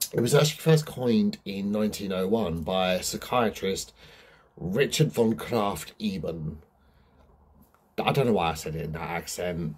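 A man's voice: sits low, a little mellow, breathy edge. A young man hosting a true crime channel, explaining a case in a casual, rambling way full of ums and asides.

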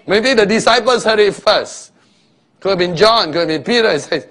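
Preacher telling a story. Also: male voice, high voice, animated, normal speed, fairly bright tone. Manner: storytelling, acting out scenes with shifting voices; loose non-standard grammar. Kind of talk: sermon.

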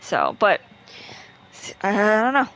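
A woman's voice: mid-range voice, wildly swooping pitch, slow, fairly bright tone, poor audio. A woman streaming a game from home, chatting easily with her co-host and viewers and laughing often. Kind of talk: casual live-stream chat. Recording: faint background noise.

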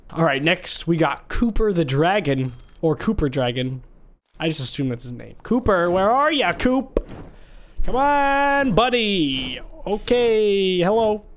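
Young male gaming host, high voice, jokey and animated, yelps when excited; desktop mic commentary. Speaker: gaming YouTuber. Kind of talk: playful game commentary. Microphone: desktop microphone.

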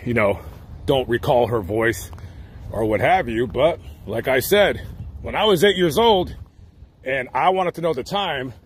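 A man's voice: medium pitch, slightly rough. A man vlogging outdoors at a cemetery, telling a story in a rambling, chatty way with joking asides. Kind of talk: casual storytelling.

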